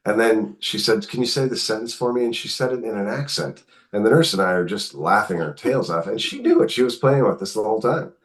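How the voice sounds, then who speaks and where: A middle-aged man with a low, deep voice tells a family story as a guest in an interview. He talks animatedly and jumps into other people's voices when he quotes them. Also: brisk, hardly any pauses. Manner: animated, acts out quotes in his telling. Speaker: guest author. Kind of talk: conversational storytelling.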